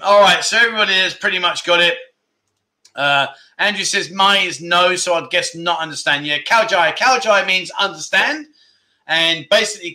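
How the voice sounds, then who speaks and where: A man hosting a casual livestream chat, reading out viewer comments and teasing them in a playful, excitable way. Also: sits high, moderate pace. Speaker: livestream host. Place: Pattaya, Thailand.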